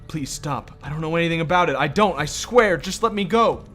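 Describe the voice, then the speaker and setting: A man's voice: medium pitch, brisk, soft background music, lightly acted. A man doing a timid, pleading young hostage woman. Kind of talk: reading game dialogue aloud.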